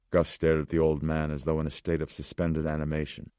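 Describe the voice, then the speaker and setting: A man narrating an audiobook in a steady, dark, deliberate manner. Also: very deep voice, clean tone, no echo, clean studio sound. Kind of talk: scripted narration.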